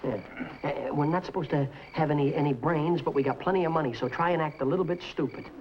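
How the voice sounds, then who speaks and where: An actor as a brash young comic lead with a raised voice, talking fast and bossing his pal around. The 1950s TV soundtrack is dull and hissy. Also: fairly high pitch, close to an everyday voice. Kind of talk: 1950s sitcom acting.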